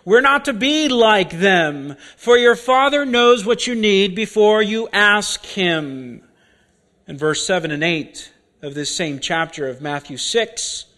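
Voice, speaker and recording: A male preacher with a fairly high voice delivers a sermon at an unhurried pace. He is deliberate and often repeats key words to drive a point home. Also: bright, forceful tone.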